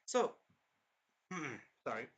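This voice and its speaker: A man's voice: a little high, sing-song, extremely slow, slightly rough. A man giving a casual, rambling, jokey recap of an anime episode as a reviewer.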